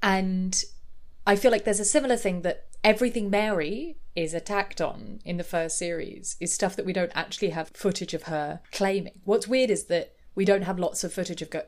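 Chatty woman podcasting. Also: lowish voice. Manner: chatty, many fillers, does quick impressions. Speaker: podcast co-host. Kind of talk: casual chat.

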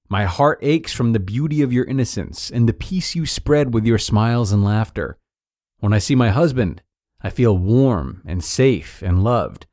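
A man hosting a podcast, reading an article aloud in an earnest, measured way. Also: lowish voice, darkish tone, no room sound, studio quality. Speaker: podcast host and narrator.

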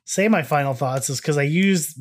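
A man's voice: on the high side, moderate pace. A man co-hosts a casual podcast, rambling goofily. He drifts between his points with restarts and silly asides. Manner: goofy, rambling enthusiasm. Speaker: podcast co-host.

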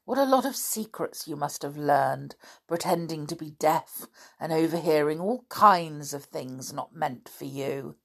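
A woman's voice: low voice, animated, a little slow, gravelly, exaggerated voice. A woman voicing a bold, indignant schoolboy held prisoner, in a storybook reading. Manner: indignant, accusing.

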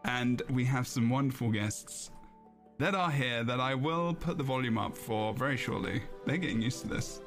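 A man's voice: medium pitch, normal speed, fairly bright tone, faint music behind. A man hosting a casual gaming podcast, rambling and chatty, often laughing. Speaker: podcast host.

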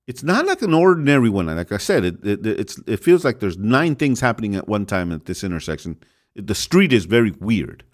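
A man's voice: fairly low pitch, big pitch swings, fairly quick. A man hosting a show, telling a rambling everyday story that turns into a sermon, often restarting his sentences and calling listeners "folks". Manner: rambling, self-interrupting, chuckles, addresses listeners as folks. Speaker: podcast host preaching.

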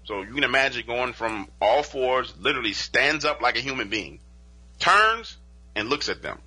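A man telling a paranormal encounter story as a podcast guest, in an animated, conversational way that acts out what witnesses said. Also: mid-range voice, moderate pace, slightly rough. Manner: conversational, peppered with "you know" and "like". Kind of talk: casual spoken storytelling.

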